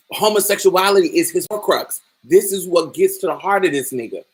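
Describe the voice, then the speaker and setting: A woman podcast host with a low-pitched, slightly breathy voice gives casual film commentary. She's emphatic and profane, acting out the characters' lines as she talks.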